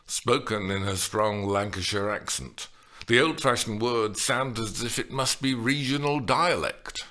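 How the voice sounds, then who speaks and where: A man reading a comic novel aloud as an audiobook, with wry, expressive delivery. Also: on the low side, unhurried. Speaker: audiobook narrator. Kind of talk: audiobook narration.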